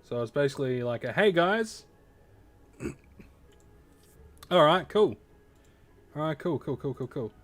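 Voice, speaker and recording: Streaming a game from a home setup with a desk mic, a man chats casually with viewers at a medium pitch and a slightly slow pace, leaving long pauses. He rambles, uses plenty of fillers, and swears freely.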